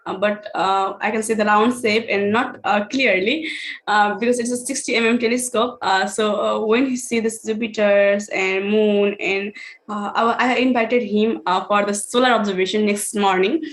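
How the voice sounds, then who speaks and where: A woman's voice: medium pitch, steady tone, normal speed. A woman telling an online star party about her outreach work, speaking hesitantly with many fillers over a video call. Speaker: outreach presenter.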